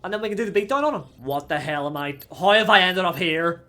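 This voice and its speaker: A young man hosting a gaming channel, giving let's play commentary; excitable, he yells at the game and swears. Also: sits high, quick pace.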